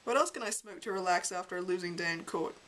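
A woman's voice: lowish voice, quick pace, fairly bright tone, natural voice. A woman reading aloud and voicing a weary, cynical female lawyer who mutters her lines. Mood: mournful. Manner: muttering, sardonic.

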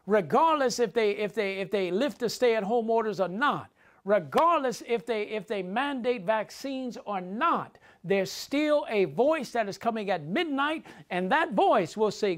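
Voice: mid-range voice, animated, a little slow. A preacher giving a sermon, repeating key phrases for emphasis and speaking directly to the congregation.

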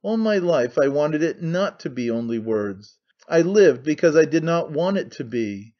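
A man's voice: fairly high pitch, sing-song, normal speed, lo-fi sound. A man reading a gloomy, brooding idealist. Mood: earnest. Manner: muttering, grave, curt. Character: gloomy brooding male idealist, intense and curt. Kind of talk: audiobook character reading.

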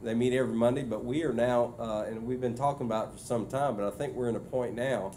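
Superintendent type, man, mid-pitched, loose conversational delivery, faint background noise. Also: steady tone, quick pace, warm tone. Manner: conversational, many fillers and restarts. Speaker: school superintendent. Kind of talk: formal meeting report. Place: meeting room.

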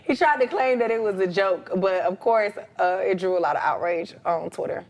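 A woman's voice: medium pitch, moderate pace, darkish tone. A woman, co-hosting a comedy news segment in a laid-back, profane, joking way. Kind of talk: casual comedic news reading.

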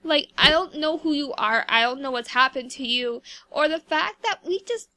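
A woman's voice: sits high, lively intonation, normal speed, sharp tone, dry recording, exaggerated voice. A woman voicing an angry young woman who lectures her partner in an exasperated tone while narrating a life-sim game.

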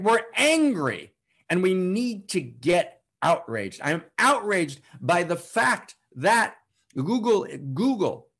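A man giving impassioned spiritual teaching, emphatic and repetitive, swinging from loud declarations to hushed, slow passages. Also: high voice, slightly rough. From United States. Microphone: online broadcast to a live chat.

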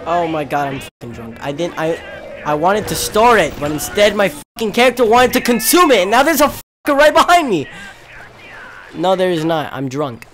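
A young man doing gaming commentary, frustrated and swearing as he yells at enemies. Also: very animated, normal speed. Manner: frustrated, swearing, yelling at enemies, with wild swings in pitch. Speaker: gamer.

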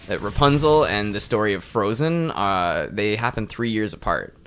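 Bright, lively-voiced young man chatting. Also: on the low side, normal speed, slight background noise. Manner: laughs a lot, coaches his partner through the game. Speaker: let's play co-host. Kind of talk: casual gameplay chat.

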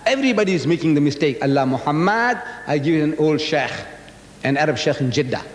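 An older man delivers a public lecture in a lively storytelling manner, slipping into the voices of people in his anecdotes. His voice sits somewhat high for a man. The recording echoes around a large hall, with a faint rumble underneath. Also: fast. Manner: animated storytelling, acts out dialogue.

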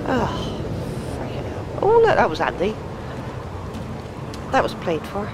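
Excitable woman swearing at a game. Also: mid-range voice, a little slow, long pauses, background noise. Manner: excitable, mutters and swears to herself. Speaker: let's play gamer. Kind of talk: gameplay commentary.

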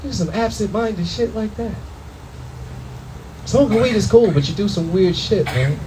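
A young man tells stories on a comedy club stage, loud, animated and full of profanity. His voice sits high for a man, and he acts out other people's voices as he goes. A faint room ambience hums behind him. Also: unhurried, a little hiss or hum, low-quality recording. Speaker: stand-up comedian. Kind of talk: stand-up comedy set.

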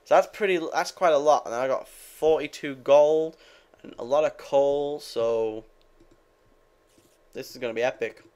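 A man's voice: mid-range voice, moderate pace, a little mellow. A young man giving rambling, casual commentary while playing a game, swearing freely and talking to his viewers. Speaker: gaming video creator.

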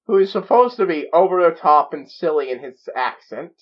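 A man's voice: fairly high pitch, expressive, normal speed, muffled recording. A man hosting a reaction video, talking in a giddy, rambling way full of stammered restarts. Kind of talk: excited reaction commentary.

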